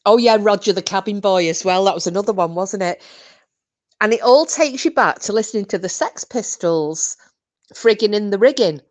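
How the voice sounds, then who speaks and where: A woman's voice: medium pitch, lively intonation, moderate pace, a little mellow. A woman hosting a podcast, reminiscing in casual chat, giggly and full of fillers. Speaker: podcast host.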